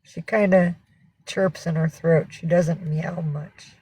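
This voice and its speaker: A woman's voice: fairly low pitch, steady tone, takes it slowly, warm tone, slightly rough, rough recording. A woman hosting a casual livestream from home, rambling and swearing as she greets viewers and coaxes her cats. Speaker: livestream host.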